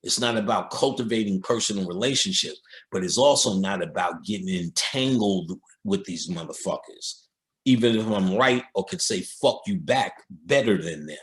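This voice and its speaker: A man's voice: deep voice, normal speed. Streetwise, profane man lecturing. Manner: streetwise, profane, storytelling, mimics voices. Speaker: occult lecturer. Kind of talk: casual spoken lecture.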